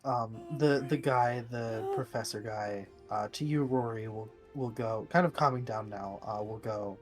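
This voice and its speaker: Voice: medium pitch, measured pace, hardly any pauses, faint music behind. Hesitant game master describing a scene. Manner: hesitant, many fillers, describes scenes to the players. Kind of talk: narrating a tabletop game.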